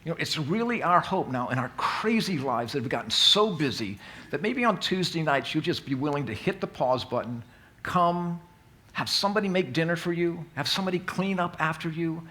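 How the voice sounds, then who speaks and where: A man's voice: fairly high pitch, a bit bright. A man leading an introductory church course, talking in a folksy, self-deprecating way and often restarting his sentences. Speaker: Alpha course leader. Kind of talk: informal church talk. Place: church hall.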